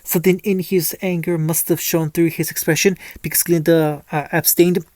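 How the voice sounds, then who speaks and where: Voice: medium pitch, level tone, moderate pace, a little mellow, no room sound. A narrator reading a fan-fiction story aloud, with frequent stumbles and restarts. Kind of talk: storytelling reading with light character voices.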